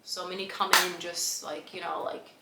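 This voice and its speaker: A woman's voice: on the low side, flat delivery, normal speed. A woman vlogger telling stories casually to the camera, chatty and full of fillers, laughing often. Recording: echoey room with faint background hum.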